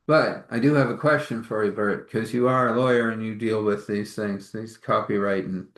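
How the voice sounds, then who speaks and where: Low-voiced man telling a faith story. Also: fairly even intonation, normal speed, a bit bright, roomy sound. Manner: rambling, chuckling, conversational. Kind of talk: informal faith testimony storytelling.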